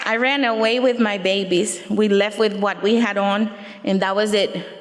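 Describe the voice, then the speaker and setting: A woman's voice: mid-range voice, fairly even intonation, normal speed, in a large hall, noisy background. A woman giving a personal testimony on stage, earnest and reflective, with short faith-filled declarations. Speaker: speaker sharing her story on stage. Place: event venue stage.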